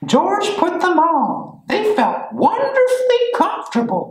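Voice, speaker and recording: A woman reading a children's picture book aloud in a slow, sing-song, expressive way. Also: very high-pitched. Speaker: children's storyteller. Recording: echoey room.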